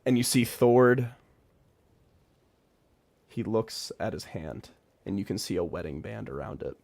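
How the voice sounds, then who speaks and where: Slow gravelly man narrating a game. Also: lowish voice, animated, a little mellow. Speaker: game master.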